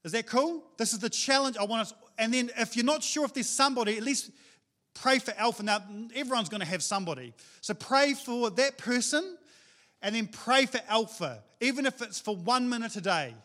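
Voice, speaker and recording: A middle-aged man, preaching a sermon in a casual, animated storytelling way with slang. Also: very high-pitched, brisk. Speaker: pastor.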